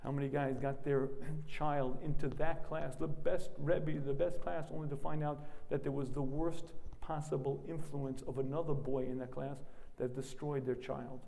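A man preaching a sermon as a rabbi, storytelling with animation and frequently clearing his throat. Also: medium pitch, little pitch movement, normal speed, hardly any pauses, mellow, in a large hall.

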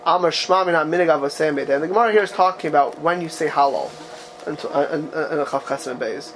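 A man with a high voice for his sex leads a text-study class. He reads passages aloud and keeps asking the students rhetorical questions with lively energy. Faint room sound sits under his voice. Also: fast, slight background noise. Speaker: teacher of a religious text class.

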